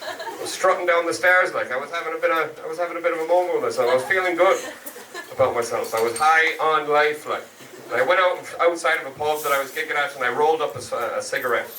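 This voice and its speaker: A man's voice: a little high, fast, bright, forceful tone. A young man from the west of Ireland with a West of Ireland accent, doing a sweary, chatty stand-up set and teasing the crowd. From Galway, west of Ireland. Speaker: stand-up comedian. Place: comedy club stage. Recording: echoey club, far mic, crowd noise.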